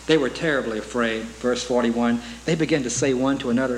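A man's voice: mid-range voice, a little fast, hardly any pauses, roomy sound, a little hiss or hum, low-quality recording. A man preaching a sermon in an earnest way, asking rhetorical questions and reciting hymn lyrics.

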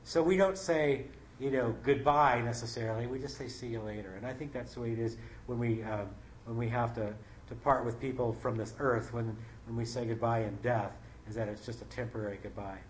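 With a brisk, mid-range voice and fairly even intonation, a middle-aged man leads Bible study through a conversational, folksy sermon. He alternates his own remarks with scripture read aloud; the recording sounds roomy, with faint ambience and slight background noise.

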